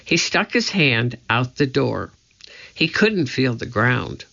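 Slow, gravelly man narrating a storybook. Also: medium pitch, sing-song, sharp tone. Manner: slow, measured, suspenseful reading. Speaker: audiobook narrator. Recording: dull lo-fi recording.

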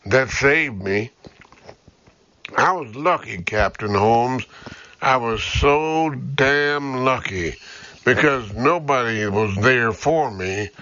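A man's voice: medium pitch, animated, slow, bright, forceful tone, lo-fi sound. A man reading an audiobook, voicing a bitter, frightened young mother who was wrongly imprisoned, pleading and defiant. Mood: desperate.

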